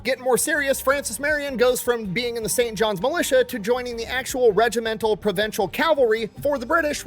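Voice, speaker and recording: A man's voice: high voice, a bit bright. A man telling history in a casual, irreverent, profane way, heard from a played clip. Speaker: history storyteller. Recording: clip played with faint music.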